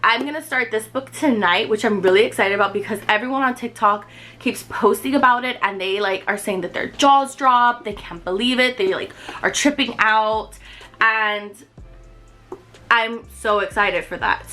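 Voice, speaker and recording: A woman in her twenties chatting excitedly to camera about books she loves, with lots of fillers. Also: a little high, normal speed, low-quality recording. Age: 20s. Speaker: book vlogger. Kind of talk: casual chat to camera.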